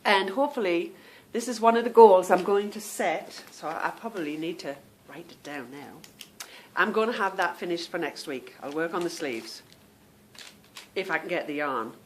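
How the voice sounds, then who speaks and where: Woman, podcast host, casual chat, lowish voice, faint room hum. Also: moderate pace. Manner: chatty, calls listeners "girl" and "girlies".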